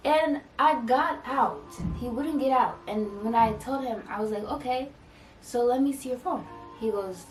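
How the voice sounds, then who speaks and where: A young woman vlogger telling a dramatic storytime, acting out quoted dialogue in a lively way. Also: mid-range voice, moderate pace, slight background noise. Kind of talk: storytime vlog. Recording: roomy echo from a distant mic with faint music.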